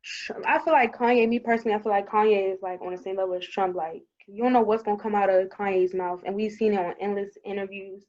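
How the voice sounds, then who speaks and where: A woman speaks quickly and bluntly in a casual group chat, cutting in with short remarks. Her voice is mid-pitched. The sound is slightly dull and lo-fi. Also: fairly even intonation, a little mellow. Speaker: podcast co-host.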